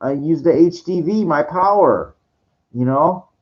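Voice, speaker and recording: A man in his forties vents about his life in a rambling monologue, his voice on the high side with lively intonation and a slightly slow pace. He stammers into frequent restarts, swears often and lets out exasperated outbursts. The recording is dull lo-fi.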